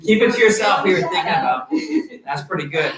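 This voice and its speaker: A man's voice: high voice, animated, fast, crowd noise. A man teaching children good manners as a martial arts instructor, upbeat and encouraging, leading call-and-response. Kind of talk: teaching a kids' manners class online. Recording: echoey hall, far from the mic.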